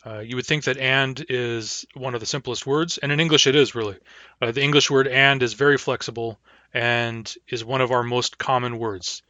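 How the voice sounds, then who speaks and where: A man giving a recorded language lecture, patiently repeating words slowly for learners. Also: medium pitch, fairly even intonation, sharp tone, no echo, dull audio. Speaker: language teacher.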